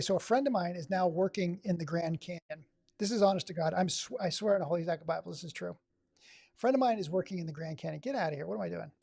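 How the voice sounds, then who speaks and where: A man's voice: high voice, creaky, dark tone, slightly rough, no room sound, studio quality. A man from Oregon hosting a live stream, giving sarcastic, exasperated running commentary. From Oregon, USA. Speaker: livestream host.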